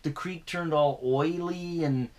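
A man's voice: fairly high pitch, slow pace, crowd noise. A man hosting a casual horror movie chat in an easygoing way. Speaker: podcast host.

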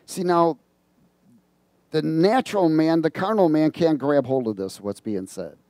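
A man's voice: on the high side, a little slow, warm tone, dry recording. A male preacher giving a sermon, reading scripture aloud and prompting the congregation to fill in the words. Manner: reads scripture aloud and comments on it.

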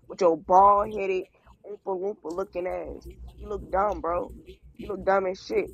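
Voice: medium pitch, fairly even intonation, unhurried, gravelly, no room sound, dull audio. A speaker on a livestream berating someone bluntly, with constant profanity. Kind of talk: heated livestream rant.

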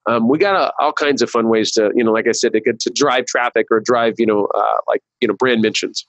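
A digital marketing consultant appears as a guest on a casual marketing webcast interview, speaking fairly quickly in a medium-pitched, a bit bright voice. He rambles with many restarts and fillers. The audio is poor, with no room sound.

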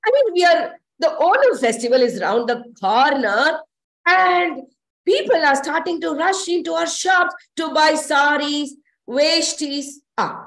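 A woman's voice: sits high, fairly bright tone. A woman storyteller, telling a story in the first person as a shopkeeper, chatty and full of asides. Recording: roomy echo.

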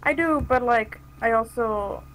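A woman's voice: on the high side, a little slow, fairly bright tone, slight background noise, poor audio. A young woman playing a team shooter with her partner, chatting casually, laughing and swearing. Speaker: co-player, host's partner. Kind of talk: casual gameplay chat.

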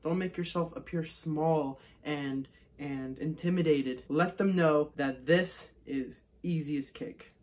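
A man's voice: fairly high pitch, takes it slowly, few pauses, a little mellow. A young man in his twenties vlogging and giving interview tips to viewers, chatty and upbeat. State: hoarse, losing his voice. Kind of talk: casual vlog and advice.

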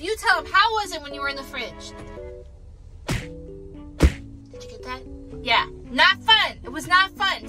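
Bubbly high-voiced woman toy vlogger. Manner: bubbly, sing-song, talks to toys in baby talk. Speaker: vlogger playing with toy llamas. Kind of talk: playful kids' toy vlog narration.

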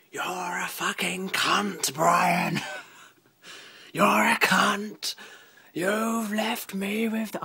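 A man vlogging casually from his phone at home, gossiping about his neighbours with lots of energy. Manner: animated, mimics neighbours in shrill shouts and whispers. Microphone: phone camera held by hand.

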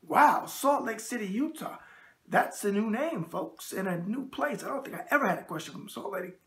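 A man's voice: sits high, animated, normal speed, a bit bright. A man with a New York accent hosting a casual video mailbag show, chatty and jokey. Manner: jokey, chatty, repeats a catchphrase. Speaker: host.

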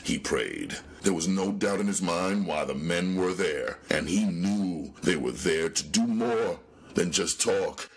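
A man narrating a crime novel as an audiobook in a dramatic, lively storytelling manner. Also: deep voice, breathy edge. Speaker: audiobook reader.

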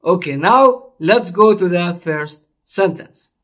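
High-voiced man teaching a language slowly. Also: animated, very noisy. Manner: slow, repetitive explaining, drawing out words. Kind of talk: online language lesson.

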